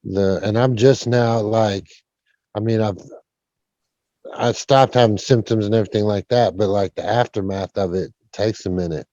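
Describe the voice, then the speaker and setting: A man co-hosting a casual podcast, telling jokes and stories at an easy pace. His voice is dark and mellow, recorded dry and close with a slightly dull, lo-fi sound. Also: on the low side, normal speed, no room sound. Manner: relaxed storyteller who does voices in his jokes. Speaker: podcast co-host. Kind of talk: casual chat.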